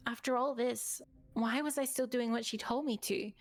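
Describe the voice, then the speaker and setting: A woman's voice: a little high, fairly even intonation, normal speed. Woman reading game narration aloud. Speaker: streamer.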